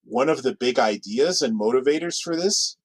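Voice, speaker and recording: Chatty podcast co-host, dry sound. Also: male voice, medium pitch, animated, slightly rough, dry recording, low-quality recording. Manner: chatty, rambling with restarts and quick asides. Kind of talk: casual chat.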